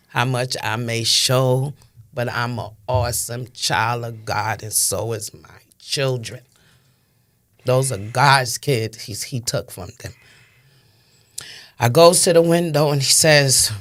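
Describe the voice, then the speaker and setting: Speaking slowly in an extremely low voice with fairly even intonation, a Brooklyn woman in her fifties offers emphatic, impassioned interview testimony in a New York accent, repeating phrases for stress.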